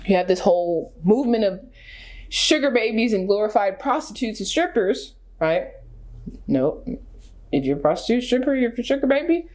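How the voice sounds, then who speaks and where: A woman's voice: on the high side, moderate pace. Emphatic woman vlogger ranting. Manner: emphatic, full of rhetorical questions, animated. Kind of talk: casual reaction commentary.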